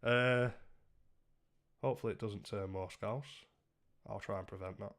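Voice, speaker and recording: A man's voice: lowish voice, fairly even intonation, a little slow, fairly bright tone. A man chatting casually and jokingly with his live-stream chat, swearing freely.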